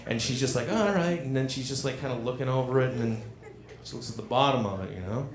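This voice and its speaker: A middle-aged man telling a stand-up story on a comedy club stage, animated and acting out the voices of the people in it. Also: mid-range voice, quick pace. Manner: animated, acts out quoted voices. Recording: roomy club with loud crowd. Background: audience laughter.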